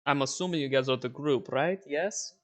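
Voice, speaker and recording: A man doing a deep-voiced Eastern European guide woman. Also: normal speed, lightly acted. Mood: guiding. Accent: thick Eastern European, put on. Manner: formal, clipped, ends questions with "yes?". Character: very tall female forest guide, formal and watchful.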